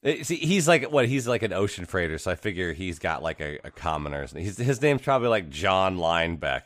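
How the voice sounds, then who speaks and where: A man's voice: low-pitched, big pitch swings, a little fast, fairly bright tone, dry recording, studio quality. A man co-hosting a casual game podcast, rambling through playful theories with many restarts. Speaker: podcast co-host.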